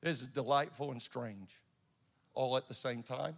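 A man's voice: mid-range voice, steady tone, measured pace, creaky, long reverb tail. A man preaching a sermon and telling a personal story in an earnest way, often restarting his sentences. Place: church sanctuary.

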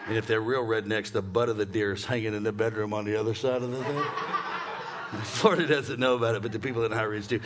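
A male pastor, preaching an animated, joking sermon and calling on the congregation to shout back. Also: fairly low pitch, brisk, noisy background. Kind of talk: lively sermon with congregation call-and-response.

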